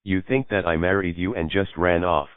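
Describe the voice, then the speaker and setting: Evasive young man voiced by the reader, deep and defensive, dry phone-like audio. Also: fairly even intonation, normal speed, clean tone, dry recording, natural voice. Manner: defensive, exasperated.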